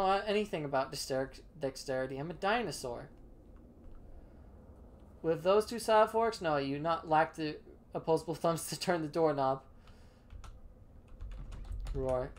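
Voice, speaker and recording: A woman's voice: sits low, a little hiss or hum. A woman playfully reading out a text adventure game and typing commands, laughing often. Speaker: game streamer. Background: keyboard typing.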